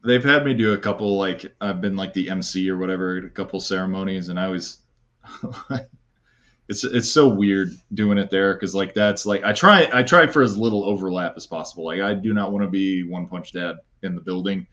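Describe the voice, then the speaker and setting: A man with a fairly low voice rambles casually as a podcast guest, trailing off and restarting his sentences. His tone is playful and easygoing. The recording sounds a little muffled and lo-fi. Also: a little fast, fairly bright tone. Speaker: guest, content creator.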